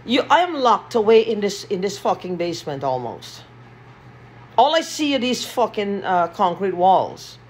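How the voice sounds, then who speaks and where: A woman's voice: fairly high pitch, breathy edge. A woman in an agitated, repetitive vlog rant, swearing often, recorded in a small basement room. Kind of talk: ranting vlog monologue.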